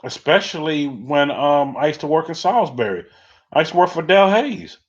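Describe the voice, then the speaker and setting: A man's voice: on the high side, expressive, a little fast. A middle-aged man hosting a livestream, telling loose, rambling stories in casual chat while answering viewer comments. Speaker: livestream host. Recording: dull lo-fi audio.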